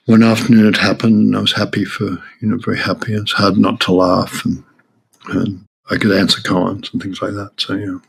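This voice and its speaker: An older man with an Australian accent telling stories in an interview, halting with many restarts and frequent laughs. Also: lowish voice, vocal fry, slight background noise. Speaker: Zen teacher. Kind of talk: reflective interview storytelling.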